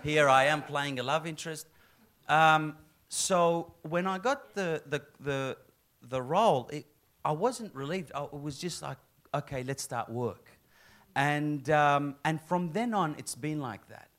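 A man's voice: fairly high pitch, measured pace. A middle-aged man, an actor chatting in an interview, telling stories and acting out quoted lines. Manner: animated storyteller, acts out quoted lines, laughs often. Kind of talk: casual interview chat.

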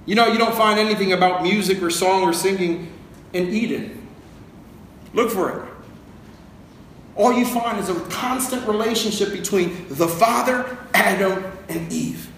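A man's voice: sits high, a little slow, fairly bright tone. A man preaching a sermon in a conversational, joking way, asking the congregation to repeat words. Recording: very echoey room with faint noise.

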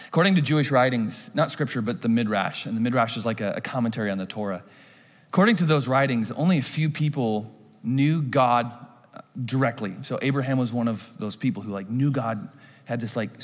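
A man's voice: medium pitch, in a large hall. A male pastor preaching a sermon in a church, telling the story with animation and acting out the voices.

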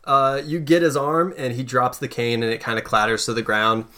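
A man narrating as game master in a tabletop game, in a relaxed, halting way. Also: medium pitch. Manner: relaxed, hesitant narration with fillers.

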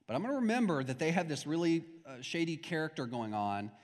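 A man's voice: on the high side, lively intonation, fast talker. A man preaching a conversational sermon to his congregation, building to emphatic points. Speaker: pastor. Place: church hall. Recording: long reverb of a church hall.

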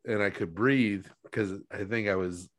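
Young male co-host, low-ish voice, drowsy rambling storyteller, dry close mic. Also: unhurried, a bit bright, no echo. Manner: sleepy, rambling storyteller who swears casually. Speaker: podcast co-host. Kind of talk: casual chat.

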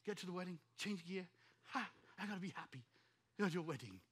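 Bright-voiced middle-aged male pastor. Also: high voice, slightly rough. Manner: animated, acts out rapid-fire dialogue. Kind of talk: storytelling sermon.

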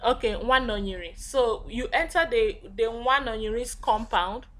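Higher-voiced woman with an Igbo accent explaining. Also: measured pace, a bit bright. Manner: explains patiently with many restarts and fillers. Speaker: guest teacher. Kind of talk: language lesson chat.

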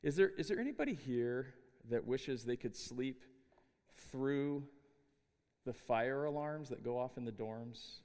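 A middle-aged man giving a chapel sermon, telling stories with an animated, humorous delivery. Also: mid-range voice, unhurried, big-room sound. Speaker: chapel speaker. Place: university chapel.

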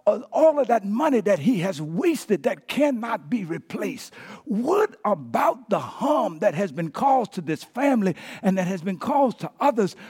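A man voicing a resentful young older brother who complains and rises to shouts. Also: high voice, slightly rough, exaggerated voice.

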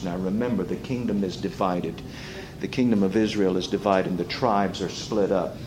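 Guy preaching a sermon, goes soft then loud and sarcastic, bit of low rumble behind. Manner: swings from quiet to loud, mocking quoted taunts. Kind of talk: expository sermon.

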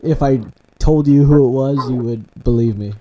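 A young man in a casual chat, teasing and quick to laugh. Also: medium pitch, warm tone, no echo. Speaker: podcast guest.

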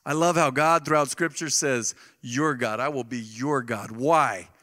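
A middle-aged man preaching a sermon to his congregation, telling stories animatedly and moving between loud bursts and soft, quiet asides. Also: medium pitch, unhurried. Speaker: pastor. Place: church sanctuary. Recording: live church sound with long reverb.

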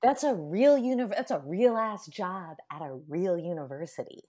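Lady podcast host with a lowish voice, telling the story casually, lots of slang. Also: animated, normal speed, mellow. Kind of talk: casual chat.

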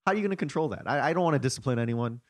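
A young man co-hosting a comedy podcast, making quick, playful jokes in casual chat. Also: medium pitch, expressive. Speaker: podcast co-host.

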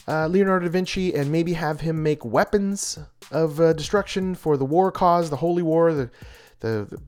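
Male comic reviewer, higher-pitched, animated and gushing, casual delivery with restarts. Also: normal speed, smooth.

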